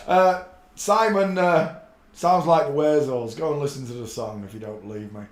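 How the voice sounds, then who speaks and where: A man's voice: on the high side, moderate pace, soft background music. A man hosting a casual live stream, rambling and muttering to himself as he searches for clips. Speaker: channel host. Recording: echoey room.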